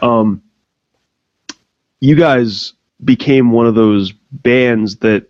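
A man's voice: medium pitch, very slow, no echo. A man hosting a podcast interview, asking questions and making wry jokes. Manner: joking, wry asides. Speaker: podcast host. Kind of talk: casual interview. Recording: dry, muffled lo-fi.

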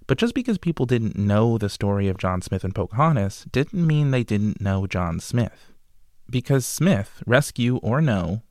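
A man narrates history from a script, slipping in wry, dry humor. His voice sits on the low side. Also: darkish tone, dry recording. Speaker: podcast host.

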